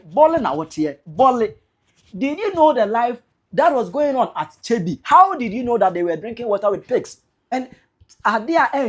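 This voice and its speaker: A man's voice: high voice, breathy edge. A man from Ghana, host of a blog channel, giving indignant commentary on a political clip and mixing Twi and English. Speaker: news commentator.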